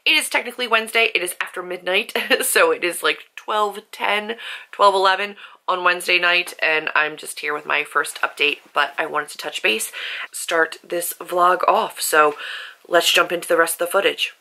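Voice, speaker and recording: A young woman talks straight to her camera in a casual book vlog, gushing and getting emotional about what she reads. Her voice sits a little low but has a bright, forceful edge to it. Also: moderate pace, rough recording. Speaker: book vlogger. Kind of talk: casual late-night vlog.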